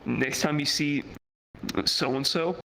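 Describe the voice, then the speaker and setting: A young man with a bright, edgy voice pitched a little high tells a rambling, swear-heavy story on a live stream. He jumps into the voices of the people in his story as he goes. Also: slow, vocal fry, a little hiss or hum, rough recording. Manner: profane, animated, acts out the people he quotes. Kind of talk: casual storytelling on a livestream.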